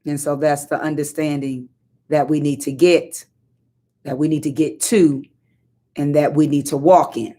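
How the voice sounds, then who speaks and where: A woman with a slightly low voice preaches an informal sermon. She is emphatic and conversational and lingers on repeated lines. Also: flat delivery, unhurried, dark tone. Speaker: prayer leader.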